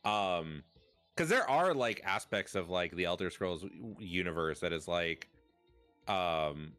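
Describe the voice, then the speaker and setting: Male streamer, low register, clean resonant tone, loose filler-heavy chat that jumps into excited bursts. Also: a little slow, clean tone, faint music behind.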